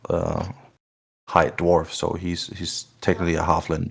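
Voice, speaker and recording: A young man introducing his character in a tabletop game, halting and full of fillers. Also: deep voice, monotone, vocal fry, slightly rough. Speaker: player. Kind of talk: casual chat.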